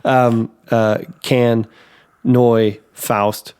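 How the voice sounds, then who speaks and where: A man in the middle pitch range co-hosts a casual podcast chat. He rambles through his thoughts with plenty of fillers and restarts. His voice leaps upward whenever something excites him. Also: extremely slow, clean tone. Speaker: podcast co-host.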